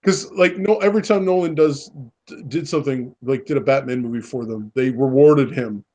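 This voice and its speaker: A man's voice: medium pitch, fairly quick, a little mellow. A Canadian man co-hosting a casual podcast chat, rambling and acting out quoted dialogue. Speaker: podcast co-host.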